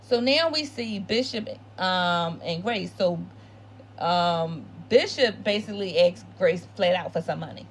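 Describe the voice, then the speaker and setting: A woman's voice: lowish voice, expressive, a little slow, a little hiss or hum. Chatty opinionated woman recapping a show. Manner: opinionated, repeats phrases for emphasis. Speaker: TV episode recap host. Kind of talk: casual recap chat.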